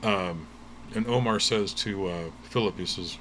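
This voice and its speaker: A man narrating as game master of a tabletop game in a relaxed, storytelling way. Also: on the low side, a little slow, a little hiss or hum. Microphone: livestream mic.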